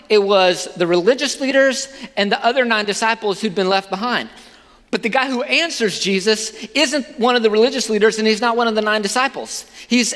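A man's voice: high-pitched, a bit bright, long reverb tail. A male pastor preaching a sermon in a conversational way, asking his listeners rhetorical questions.

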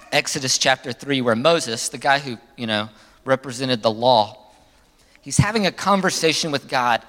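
Delivering a sermon in a big-room sound, a male pastor speaks animatedly. He pushes his pitch up for emphasis and lets it sink low at the close of phrases.

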